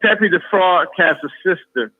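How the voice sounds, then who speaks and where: A man phones in as a guest, pressing his points with forceful repetition. His voice sits a little high and comes through a narrow, tinny phone line. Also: moderate pace. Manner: emphatic, repeats phrases forcefully. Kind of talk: heated call-in talk. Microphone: phone call.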